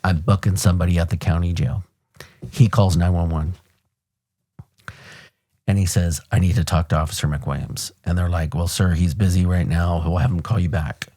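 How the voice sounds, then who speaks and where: A man in his fifties from the United States, a podcast host and retired police officer, telling a story in a blunt, animated way and swearing casually. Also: sits low, normal speed. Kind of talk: conversational storytelling.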